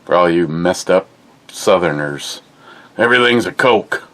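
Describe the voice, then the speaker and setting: A man with a fairly low voice hosts a casual review vlog. He speaks slowly and without hurry, pausing and stumbling over fillers as he tries to pin down a taste. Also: animated, fairly bright tone. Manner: unhurried, searching for words with fillers. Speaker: drink reviewer and host.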